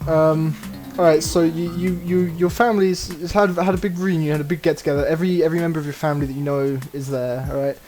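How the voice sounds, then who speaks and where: Playful young man, higher voice, music behind. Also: fairly even intonation, quick pace, hardly any pauses, mellow. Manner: playful storyteller with silly put-on voices. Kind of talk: casual chat.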